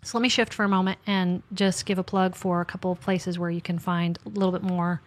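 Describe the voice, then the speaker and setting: A woman author and podcast host in casual faith conversation, chatty and animated, acting out her talks with God in little asides. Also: lowish voice, fast talker.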